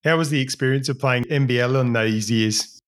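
A man's voice: medium pitch, brisk, fairly bright tone. A man hosting an interview, asking short questions with brief, encouraging remarks. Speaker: podcast host.

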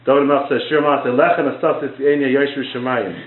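A man's voice: medium pitch, fairly even intonation, fast talker. A man giving a Torah class in sermon style, in Orthodox Jewish English peppered with Hebrew and Yiddish words, often repeating and restarting his words as he tells a parable. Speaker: rabbi teaching a Torah class. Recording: echoey room, tinny phone-like sound.

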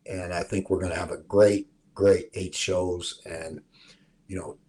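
A man hosting a casual sports podcast, hoarse from a cold, laid-back and rambling with many fillers. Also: low voice, flat delivery, a little slow, dark tone. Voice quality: husky. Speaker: podcast host.

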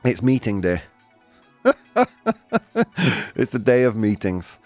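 A male radio host doing live banter, energetic and chatty, laughing often and a bit out of breath. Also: fairly low pitch, takes it slowly, dry recording, faint music behind. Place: radio studio.

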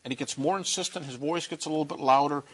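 A man giving an earnest, conversational talk about grief and faith, slowing down to stress key points. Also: on the high side, breathy edge. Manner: earnest storytelling, slowing down for emphasis.

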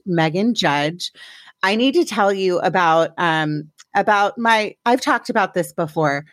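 A woman's voice: mid-range voice, fairly bright tone, no room sound. Chatty self-mocking woman podcast host. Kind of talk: casual self-deprecating chat.

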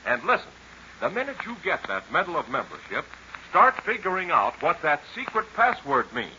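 A man announcing a 1930s radio serial, folksy and peppy in the sponsor pitch. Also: wildly swooping pitch, normal speed, pushed and bright, a little hiss or hum. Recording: muffled old radio recording.

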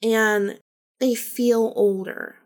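A woman's voice: a little high, fairly even intonation, extremely slow. A woman hosting a podcast, telling a personal story in a casual, chatty way and acting out the dialogue with lots of "like"s. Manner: chatty, acts out quoted dialogue with many "like"s. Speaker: podcast host.

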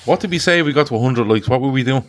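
A man's voice: medium pitch, very fast. A man hosting a football quiz podcast, chatting casually and swearing freely. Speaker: quiz host.

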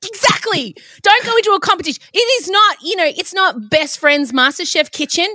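Australian woman, podcast co-host, bright and lively, blunt ranter. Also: very high-pitched, fairly quick, dry recording. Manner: animated, blunt ranting. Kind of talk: casual chat.

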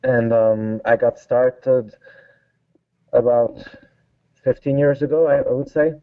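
A man's voice: medium pitch, fairly even intonation, slow, dry recording. A man from France with a French accent, a guest designer speaking with many hesitant fillers in a casual interview over a call. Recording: tinny phone-like line.

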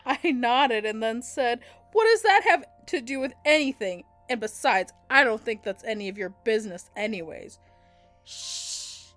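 A woman's voice: a little high, animated, moderate pace, hardly any pauses, fairly bright tone, no echo, soft background music. A young woman co-hosting a comedy podcast, reading fan fiction aloud and often breaking into laughter.

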